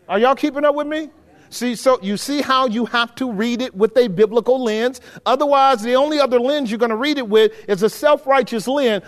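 A male pastor preaching a sermon in a conversational way, often checking that his listeners are keeping up. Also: extremely high pitch. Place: church hall with a live audience. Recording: long hall reverb.

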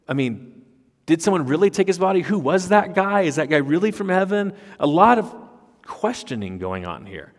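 Emphatic male preacher in a reverberant hall. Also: fairly high pitch. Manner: emphatic, with rhetorical questions and repeated words. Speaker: pastor. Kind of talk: expository sermon. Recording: long reverb of a large hall.

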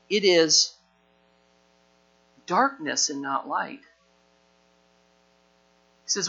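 Bright, high-voiced preaching man. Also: expressive, drawn-out words, vocal fry, pauses often. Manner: emphatic preaching, rising and falling in force. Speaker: pastor. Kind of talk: sermon. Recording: dull lo-fi recording with mains hum.

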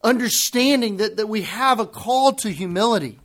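A male pastor preaching a sermon to his congregation, emphatic and deliberate, repeating key phrases for weight. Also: high-pitched, a bit bright.

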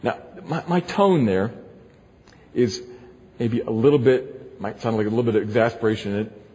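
A man's voice: medium pitch, moderate pace, darkish tone. A male pastor preaching an earnest sermon, repeating phrases, in a long echoing hall.

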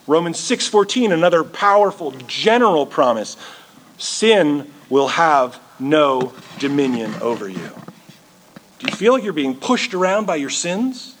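A man's voice: on the high side, big pitch swings, a little slow, a bit bright, a little hiss or hum. A male pastor preaching a sermon in a church, earnest and repeating words as he builds his points.

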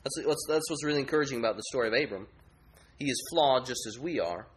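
A man's voice: medium pitch, fast talker, a little hiss or hum. A male pastor preaching a sermon, asking the listeners rhetorical questions.

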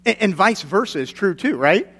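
A man delivers a sermon to his congregation in a slightly high voice. He is earnest and grows emphatic on key points, with folksy stories along the way. The sound carries a long reverb of a church sanctuary. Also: very animated, moderate pace, a bit bright, breathy edge. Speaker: pastor.

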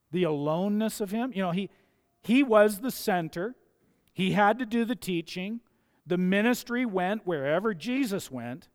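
A man preaching a sermon as pastor, his voice gravelly from a dusty throat, emphatic and repeating key phrases for stress. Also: high-pitched, big-room sound.

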